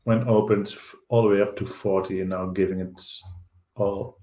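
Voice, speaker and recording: A man with a Dutch accent hosting a live stock market show, thinking aloud over charts with halting fillers. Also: on the low side, flat delivery, mellow, reverberant. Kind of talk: live trading chart commentary.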